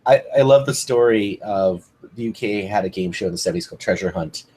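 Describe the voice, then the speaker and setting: A man co-hosting a casual watchalong commentary, sharing relaxed anecdotes. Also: fairly low pitch, a little fast, a little hiss or hum. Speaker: co-host.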